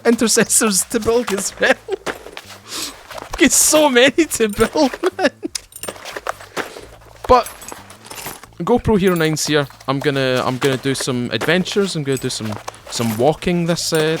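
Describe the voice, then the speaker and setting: A gaming YouTuber with a Scottish accent and a fairly high voice chats casually and ramblingly to his viewers while playing, often repeating and restarting his phrases. There is background noise in the recording.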